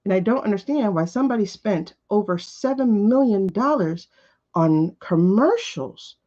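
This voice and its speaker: A warm-toned, mid-range female voice, animated and at a moderate pace, leads a live tarot show. She chats bluntly and casually, peppering her opinions with rhetorical questions and curse words. The recording is dull lo-fi livestream audio.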